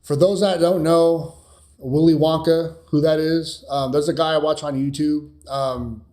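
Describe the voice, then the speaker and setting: A man's voice: fairly high pitch, steady tone, a little slow, mellow. Rambling man in a casual live Q&A. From California. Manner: rambling, many fillers and restarts, blunt with swearing. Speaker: cybersecurity streamer answering viewer questions.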